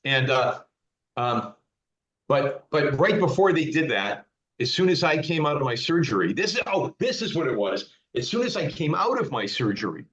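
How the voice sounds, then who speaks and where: A man's voice: fairly high pitch, very animated, normal speed, a bit bright, echoey room. A man telling a story as a podcast guest, stammering and repeating words. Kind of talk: casual storytelling. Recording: dull lo-fi recording.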